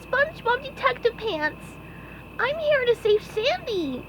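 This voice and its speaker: A woman voicing an eager young male sea sponge detective from a cartoon storybook, squeaky and earnest. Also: big pitch swings, measured pace, fairly bright tone, a little hiss or hum, exaggerated voice, rough recording. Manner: squeaky and earnest, stammers when scared.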